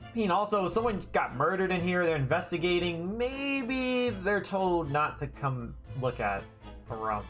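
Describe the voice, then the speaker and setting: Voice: medium pitch, sing-song, measured pace, fairly bright tone. A streamer commentating a live playthrough, with self-deprecating, giggly asides. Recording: game music behind the voice.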